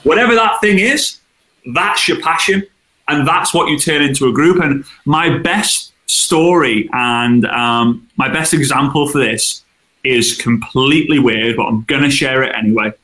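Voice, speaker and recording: A man, a guest in an interview, chatting casually and telling animated stories with acted-out quotes. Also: mid-range voice, measured pace. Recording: roomy echo.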